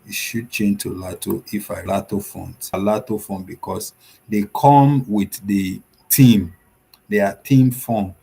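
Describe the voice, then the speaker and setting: Low-voiced man giving a screen tutorial. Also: steady tone, a little slow, vocal fry, warm tone, husky. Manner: step-by-step, repeats himself, many fillers. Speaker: web design instructor. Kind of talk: screen-share tutorial walkthrough.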